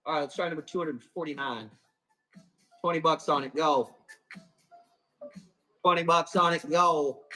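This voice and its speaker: A man hosting a live plant auction stream, chatting casually and calling quick countdowns, with a casual swear here and there. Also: on the high side, pushed and bright, soft background music, poor audio. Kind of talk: livestream sales chat.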